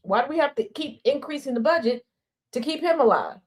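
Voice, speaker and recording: Expressive and a bit quick, this news commentary host has a high voice with a darkish tone. She runs an opinionated stream, full of sass and sarcasm, pounding her arguments with repeated phrases and rhetorical questions.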